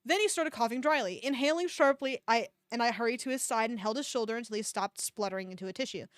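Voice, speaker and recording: A woman's voice: fairly high pitch, fast, no echo, clean studio sound. Sarcastic woman reading fan fiction aloud. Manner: sarcastic, swears often, breaks off to mock the text. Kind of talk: comedic dramatic reading with commentary.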